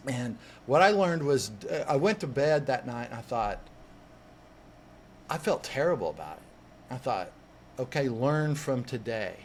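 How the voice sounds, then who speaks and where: A man, a coach and podcast guest, telling a personal story in an animated way, acting out what people said and restarting words as he goes. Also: medium pitch, unhurried, pauses often, slight background noise. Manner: lively, acts out quoted voices, restarts words.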